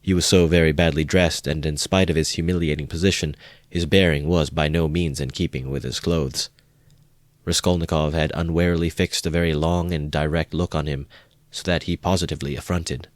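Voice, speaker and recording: A man narrating a classic novel in a measured amateur audiobook reading. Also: very deep voice, fairly even intonation, no room sound.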